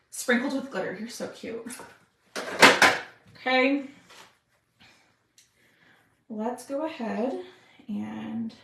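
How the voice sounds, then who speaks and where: Bright, chatty craft host. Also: female voice, high voice, roomy sound, a little hiss or hum. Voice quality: chatty, talks to viewers with "y'all". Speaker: craft live-stream host. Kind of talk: casual live craft demo.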